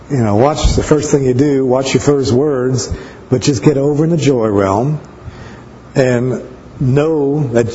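A man's voice: mid-range voice, dark tone, slight background noise. Guy preaching in church, rambly testimony, muffled sound, big reverby hall. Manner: conversational, rambling with many restarts. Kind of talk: sermon with personal testimony.

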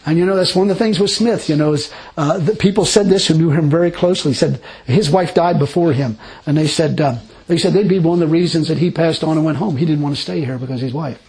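A married Christian man giving his testimony in a rambling, animated way, laughing often and acting out conversations. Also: on the high side, fast, few pauses, poor audio. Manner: animated, laughing storyteller who acts out dialogue; rambling with frequent restarts.

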